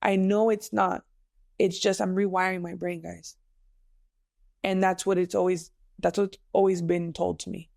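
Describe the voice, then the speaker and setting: A woman's voice: lowish voice, little pitch movement, a little slow, vocal fry, darkish tone, dry recording, clean studio sound. A woman hosting a podcast, telling a personal story in an emotional, candid way and mixing in Spanish phrases. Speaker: podcast host. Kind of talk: casual personal podcast monologue.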